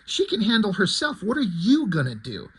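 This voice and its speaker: A man's voice: high-pitched, wildly swooping pitch, normal speed, breathy edge, voice pushed up, full character voice. A man reading a cautious, doubting warrior. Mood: anxious.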